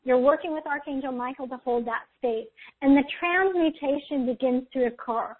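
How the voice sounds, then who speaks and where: A woman's voice: sits high, normal speed, husky. A woman host giving intuitive spiritual readings in a soothing, guiding way, often checking in with "okay?", over a tinny line. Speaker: intuitive reader, show host.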